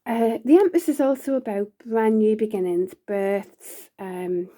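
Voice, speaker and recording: A woman's voice: mid-range voice, a little slow, mellow. A woman giving a casual, rambling tarot reading, full of fillers and restarts. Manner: laughs often between lines. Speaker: tarot reader.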